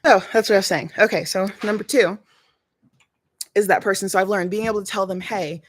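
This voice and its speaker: A woman's voice: mid-range voice, steady tone, fairly quick, no echo. A woman hosting a casual livestream from her family home, chatty and a bit short of breath, thinking aloud and restarting her sentences. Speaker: livestream host.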